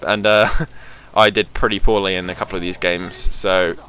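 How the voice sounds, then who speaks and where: This casual game commentary comes from a young man hosting his channel, meandering and full of fillers as footage plays. His low voice stays level at a moderate pace, bright and forceful, with a little background noise.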